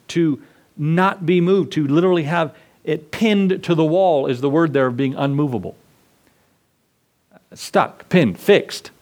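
A man's voice: a little high, darkish tone. A male pastor delivering a sermon to his congregation in a conversational way, often asking questions and answering them himself.

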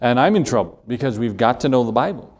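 A man's voice: mid-range voice, lively intonation, fast, darkish tone. A middle-aged man, a pastor, preaching a sermon, telling folksy stories, reading Scripture aloud and repeating key phrases for emphasis.

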